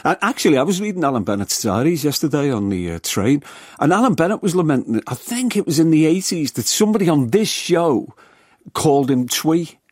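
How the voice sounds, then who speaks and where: A man with a Scouse accent, a writer speaking as a guest in a radio studio discussion, telling animated anecdotes. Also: fairly high pitch, a little fast, breathy edge, no echo.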